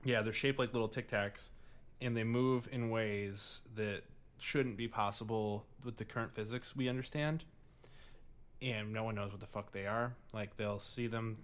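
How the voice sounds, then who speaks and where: A man with a Midwestern accent co-hosting a casual podcast, rambling with lots of fillers, restarts and swearing. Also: fairly low pitch. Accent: Midwestern American. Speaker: podcast co-host. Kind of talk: casual chat.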